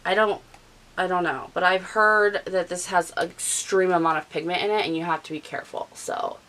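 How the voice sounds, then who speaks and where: A woman's voice: lowish voice, fairly even intonation, moderate pace, fairly bright tone, poor audio. A woman in her thirties, chatty and rambling, talking through her makeup routine with a nasal, stuffy voice from allergies. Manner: chatty, rambling, talks while applying makeup. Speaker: beauty vlogger. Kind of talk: casual chat.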